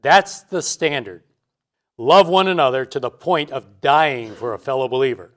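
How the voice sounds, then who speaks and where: A man's voice: medium pitch, normal speed, a bit bright. Male preacher, teaching sermon, emphatic, repeats points for a congregation. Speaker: pastor. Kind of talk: expository Bible sermon.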